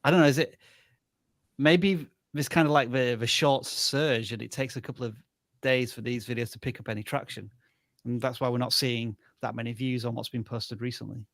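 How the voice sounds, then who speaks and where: A man's voice: mid-range voice, steady tone, moderate pace, fairly bright tone, dry recording. Thoughtful hedging male co-host. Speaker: co-host reviewing channels. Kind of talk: live channel review chat.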